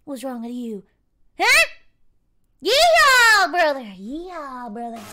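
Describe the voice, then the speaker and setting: A woman's voice: high voice, big pitch swings, takes it slowly, very noisy, heavily acted. A woman doing a brash southern belle. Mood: mock-defiant. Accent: American Southern, put on. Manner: brash, mock-defiant drawl. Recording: faint music behind.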